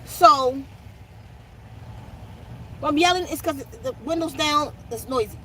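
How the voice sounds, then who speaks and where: A high-pitched woman talks to her viewers from inside a moving car. She gives spiritual instructions in a casual, emphatic way and repeats each step. Loud road and wind noise comes through an open window. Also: a little slow, poor audio. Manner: addresses audience as y'all. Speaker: spiritual channel host. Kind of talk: casual spiritual teaching while driving.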